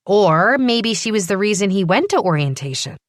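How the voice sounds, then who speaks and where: Lady putting on an excitable young rookie cop, high and bouncy, dead dry audiobook sound. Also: moderate pace, no echo, lightly acted. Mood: eager. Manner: bubbly, rising and earnest. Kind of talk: audiobook character voice.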